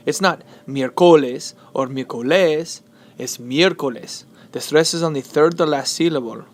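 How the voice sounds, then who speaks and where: A man teaching Spanish spelling and stress, switching between English and Spanish and repeating words slowly. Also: mid-range voice. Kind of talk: classroom explanation of Spanish spelling.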